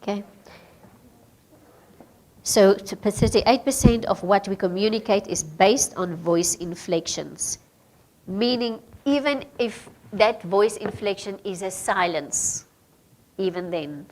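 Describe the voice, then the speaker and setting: A woman's voice: mid-range voice, slow, a little mellow. A woman with a Namibian English accent leading a radio training workshop, asking the group questions, with hesitant fillers.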